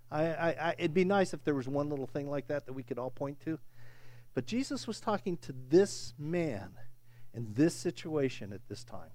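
A man's voice: high-pitched, a bit bright, dry recording. A male pastor preaching a sermon, speaking in a conversational way and checking in with "okay?".

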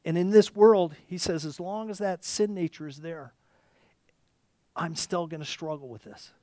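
A male preacher delivers a sermon in a fairly high voice, recorded dry and close. He reads scripture aloud, then talks to his congregation directly. His delivery swells into loud, impassioned cries and sinks to hushed, almost whispered lines. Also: normal speed, dry recording.

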